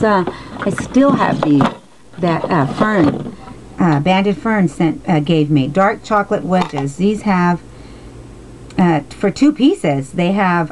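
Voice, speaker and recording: Woman in her forties, heartfelt vlog talk, slow and emotional, faint background hiss. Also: fairly low pitch. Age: 40s. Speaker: vlogger.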